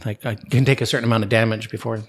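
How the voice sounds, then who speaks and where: A man's voice: on the low side, steady tone, rapid-fire, roomy sound. A man co-hosting a casual podcast chat, easygoing and thoughtful. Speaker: podcast co-host and editor.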